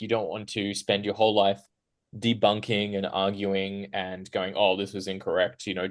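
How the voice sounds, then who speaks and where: Man, panel guest, lowish voice, casual rambling talk, many fillers and tag questions. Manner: rambling, frequent "right?" tags and fillers; animated, laughs while talking. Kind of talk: conversational panel answer.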